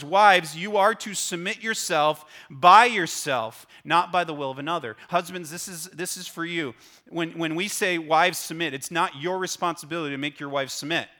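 A man's voice: on the high side, sharp tone. A middle-aged male pastor preaching a sermon, earnestly explaining a passage and often repeating his words as he goes.

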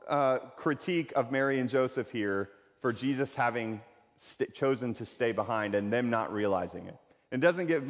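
A pastor preaching a sermon in a conversational way, repeating key phrases for emphasis. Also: male voice, mid-range voice, in a large hall.

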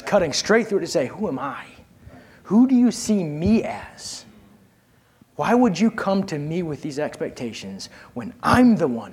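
Husky high-voiced male preacher. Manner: personal storytelling, swings from soft and low to raised and emphatic; calls on the congregation to respond. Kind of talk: sermon.

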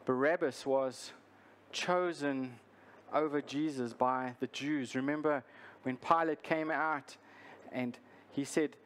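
A male pastor preaching a sermon, earnest and deliberate, repeating his key lines for emphasis. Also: mid-range voice, fairly bright tone.

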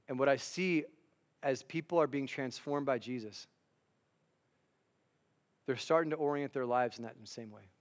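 A man preaching a sermon in an earnest, conversational way, often restarting his sentences. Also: medium pitch. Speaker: district superintendent and chaplain preaching.

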